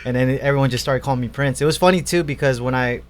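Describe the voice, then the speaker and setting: A man's voice: medium pitch, fast talker. Laid-back man in his thirties telling stories. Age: 30s. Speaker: guest, professional fighter. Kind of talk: casual storytelling chat.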